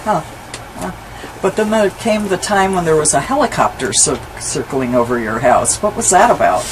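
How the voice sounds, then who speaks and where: A woman's voice: on the low side, animated, normal speed. Curious woman interviewer, noisy recording. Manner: prompting, curious. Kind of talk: interview questions. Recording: noticeable background noise.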